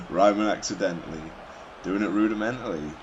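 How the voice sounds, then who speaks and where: A man's voice: sits low, slight background noise. A man giving casual, wry, self-mocking commentary over his football video game, rambling into asides. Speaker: gaming commentator. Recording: slightly dull lo-fi recording.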